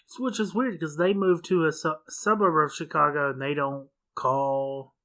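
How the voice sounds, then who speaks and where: A woman's voice: deep voice, steady tone, normal speed, fairly bright tone. A woman in her thirties co-hosting a podcast, retelling a film's plot in casual chat and laughing often. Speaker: podcast co-host.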